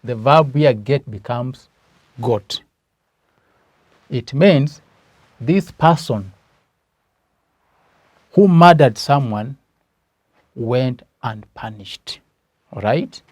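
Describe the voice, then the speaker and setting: Kenyan English male teacher, slow and deliberate, dry close sound. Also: mid-range voice, animated, dry recording. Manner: slow, emphatic, asks questions then answers them. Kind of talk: classroom grammar lesson.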